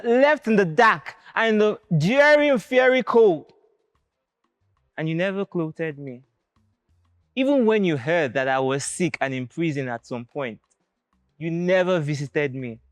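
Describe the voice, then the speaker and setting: A woman's voice: lowish voice, dry recording. A female acting contestant performing a stage monologue as a wronged, righteous speaker rebuking a powerful man, in an accusing delivery that swings up and down.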